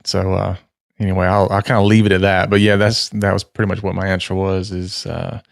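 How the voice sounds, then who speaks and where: Gravelly low-voiced man, easygoing. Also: flat delivery, a little fast, no echo, studio quality. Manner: easygoing, laughs often. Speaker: podcast co-host. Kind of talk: casual chat.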